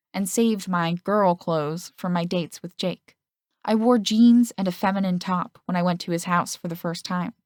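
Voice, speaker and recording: A woman narrates a first-person audiobook in a fairly low voice, close to the mic. The recording is dry, with no room sound, and she lifts her voice slightly when the characters speak. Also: darkish tone, no room sound. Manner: reads male and female characters' lines with shifts in pitch.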